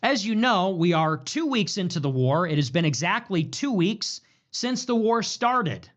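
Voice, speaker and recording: A man rants about politics in a high voice that leaps up and down. He turns sarcastic and profane, then drops into muttered asides. The replayed video sounds dull and lo-fi. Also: very animated, a little slow. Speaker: political commentator. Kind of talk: rambling ranting commentary.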